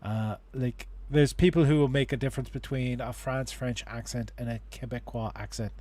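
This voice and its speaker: A man's voice: medium pitch, steady tone, normal speed, a little mellow. Rambling man hosting a livestream. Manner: rambling, with many restarts and fillers. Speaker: host. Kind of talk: casual livestream advice chat.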